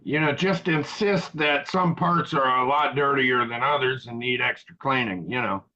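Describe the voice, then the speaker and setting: Joking male host, bright lo-fi voice. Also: medium pitch, moderate pace. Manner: joking, rambling, crude humor. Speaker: show host. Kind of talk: casual live-stream chat.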